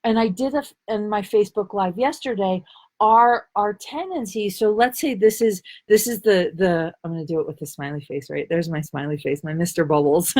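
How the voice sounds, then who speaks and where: A woman life coach talking casually on a live stream, answering viewer comments in a playful, bubbly way with frequent laughter and a loose, rambling delivery. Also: mid-range voice.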